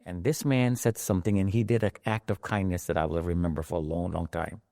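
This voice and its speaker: A man's voice: low voice, steady tone, quick pace, warm tone, dry recording. A middle-aged man recounting how he survived, acting out the voices of the people in his story, heard close on a studio mic. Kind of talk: emotional personal storytelling.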